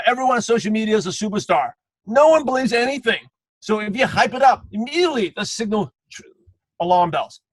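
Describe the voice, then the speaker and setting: Male sales trainer, higher register, lively coaching delivery with acted-out examples, dry recording. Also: dry recording, poor audio. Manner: animated, acts out quoted salespeople. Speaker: network marketing trainer. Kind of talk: coaching talk.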